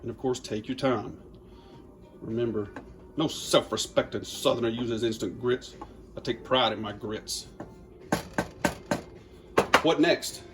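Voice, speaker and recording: A man's voice: medium pitch, a little slow, long pauses, music in the background. A man, chatting in a folksy, upbeat way while demonstrating a recipe in his home kitchen. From Louisiana. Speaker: cooking channel host. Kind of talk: casual cooking demo.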